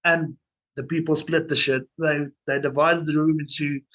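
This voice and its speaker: The band's young vocalist tells stories in a loose interview, rambling and full of fillers and restarts. His voice is a little high and a bit bright, with a level tone at a moderate pace, and the audio is poor.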